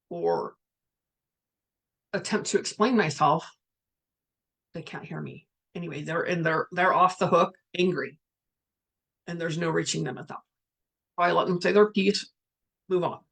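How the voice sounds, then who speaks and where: A woman's voice: on the low side, gravelly. A woman speaking as a spiritual coach in a casual livestream, talking frankly and chattily and reading viewer comments aloud.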